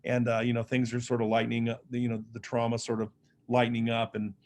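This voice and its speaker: Speaking fast in a medium-pitched, slightly mellow monotone, this Las Vegas man gives a motivational keynote as an author and speaker. He relates personal anecdotes in a funny, chatty, self-deprecating style, and he hails from Las Vegas, Nevada, USA.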